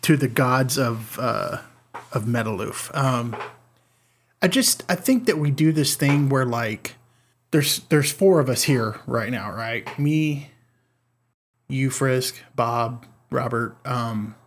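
A man's voice: medium pitch, takes it slowly, breathy edge. A man co-hosting a podcast in casual chat, rambling and repeating his words as he goes. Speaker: podcast co-host.

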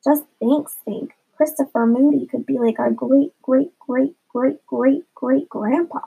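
A woman's voice: high-pitched, a little slow, vocal fry, slightly rough, exaggerated voice. A woman voicing a feisty, bold young girl with a sassy, spirited way of talking. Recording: dull lo-fi recording.

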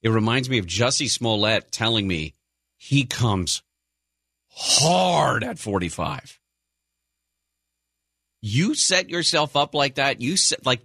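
A man co-hosting a talk radio show, chatting casually and telling stories with sarcastic, animated flair. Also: mid-range voice, slow, long pauses, dry recording, studio quality. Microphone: studio microphone.

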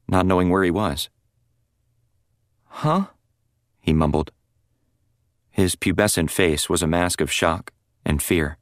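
A man's voice: deep voice, no room sound. A man narrating a first-person novel as an audiobook in a dry, wry storytelling manner. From North Florida.

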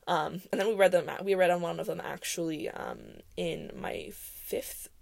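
Low, gravelly young woman rambling. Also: sing-song, moderate pace, darkish tone. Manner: rambling and chatty, with many fillers and self-interruptions; laughs often while talking. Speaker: podcast host. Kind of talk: casual solo chat.

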